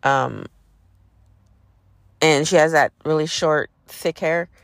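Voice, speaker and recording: A woman's voice: low-pitched, no echo, clean studio sound. A woman hosting a podcast, casually telling a personal story in a profane, sarcastic way. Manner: profane, sarcastic, animated retelling. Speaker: podcast host.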